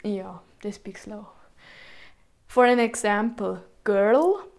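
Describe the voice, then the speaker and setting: A woman's voice: mid-range voice, slow pace, creaky, a little mellow. A young woman with a Swiss German accent giving an informal presentation in English, hesitant, with frequent ums and self-corrections. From Switzerland.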